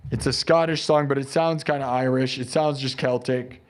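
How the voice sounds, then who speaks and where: This live music stream host has a medium-pitched voice, a steady tone and a normal speaking speed. Chatting casually over live looped music between songs, he rambles and often starts his sentences over.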